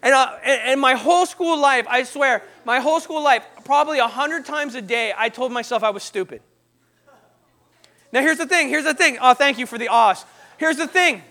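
A young man with a strikingly high, bright voice speaks to a live audience in the manner of a youth talk. He tells personal stories energetically, slipping into little acted-out voices and sound effects. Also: normal speed.

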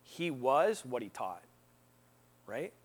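A man's voice: mid-range voice, slow pace, slightly rough. A man who is no longer young preaching a casual, conversational sermon, often quizzing his listeners with "right?" and "what?". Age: not young. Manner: lively, quizzes the audience with frequent "right?" and "what?".

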